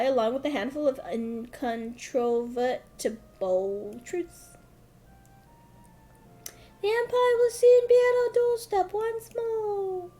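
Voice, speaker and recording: A woman voicing an earnest young male scholar-diplomat in a game, with formal, measured, old-fashioned phrasing. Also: high voice, darkish tone. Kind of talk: reading game dialogue aloud.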